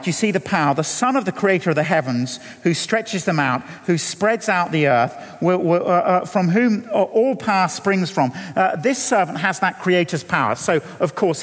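Earnest preacher man in a reverberant church. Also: sits high. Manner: earnest, halting with repeated restarts. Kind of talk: sermon. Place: church hall.

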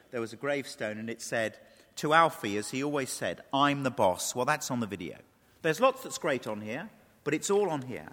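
A man preaching a sermon with passion, at times dropping to a quiet, intense tone. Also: mid-range voice. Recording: reverberant hall.

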